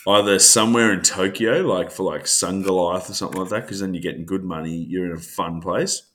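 A man, co-hosting a podcast in relaxed, laughing banter that often repeats its words. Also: sits low, a little fast. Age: 30s. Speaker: podcast co-host. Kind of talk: casual chat.

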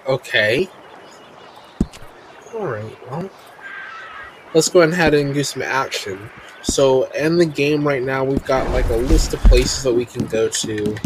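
A man's voice: medium pitch, noisy background. Rambling man commenting on gameplay. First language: English. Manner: rambling, restarts sentences, chatty. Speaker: podcast host playing a video game.

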